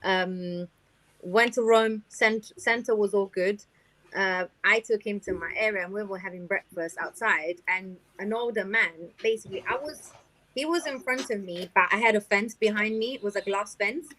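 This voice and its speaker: A woman's voice: mid-range voice, moderate pace. A young woman from Italy, a guest singer, telling stories in a casual podcast chat and acting out what people said. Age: young adult. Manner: animated storytelling, acting out quoted people.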